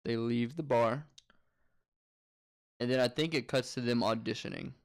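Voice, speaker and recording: Mid-pitched man chiming in. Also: moderate pace, gravelly. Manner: chiming in with corrections and details, laughing easily. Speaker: co-host. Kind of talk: casual chat.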